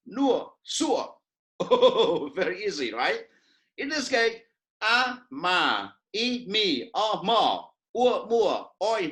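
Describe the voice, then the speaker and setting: A man with a Vietnamese accent teaching his language in a casual, animated video lesson, often laughing and repeating words as he thinks. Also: sits high.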